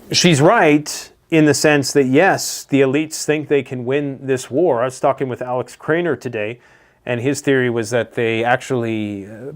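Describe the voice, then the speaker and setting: A Canadian man giving casual political commentary on prepper news, blunt, sarcastic and profane. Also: mid-range voice. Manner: blunt, sarcastic, profane, mocking put-on voices.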